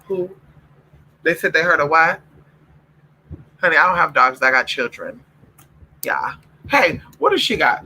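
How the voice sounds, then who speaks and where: Bright-voiced man chatting casually to his viewers. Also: medium pitch, moderate pace, long pauses, slight background noise, poor audio. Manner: loose, profane, calls viewers honey and y'all; coos and scolds his puppies in a playful pet-talk voice. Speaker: vlogger. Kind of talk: casual late-night vlog chat.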